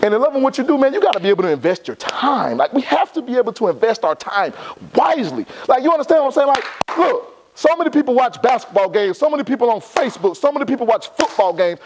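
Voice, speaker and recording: Fast, high-voiced motivational speaker man. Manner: emphatic, repeats phrases for effect. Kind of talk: motivational talk to a live audience.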